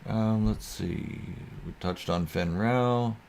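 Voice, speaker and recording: Low-voiced man chatting on a live stream. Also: slow pace, gravelly, darkish tone, a little hiss or hum. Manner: goofy, easygoing and rambling. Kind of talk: casual live-stream chat reading viewer comments.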